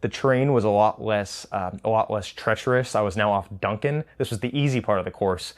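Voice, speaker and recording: A man's voice: fairly low pitch, fairly quick. A man with children, recapping a hard trail race in a casual, rambling way, stumbling and restarting often and laughing between thoughts. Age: adult with children.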